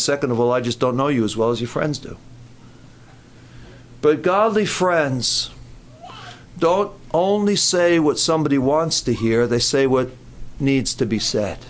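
An older man giving a sermon at a youth camp, animated and joking, with quoted asides. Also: medium pitch. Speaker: camp speaker.

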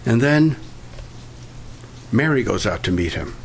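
Older guy preaching, gravelly voice, lots of uhs, pitch swings all over, faint hiss behind. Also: animated. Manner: halting, many filler pauses and restarts. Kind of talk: sermon.

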